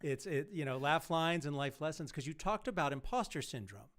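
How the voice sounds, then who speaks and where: A middle-aged man hosts a live stream interview with lively, animated energy and laughs easily. His voice sits a little high and sounds bright and forceful. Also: a little fast. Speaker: host.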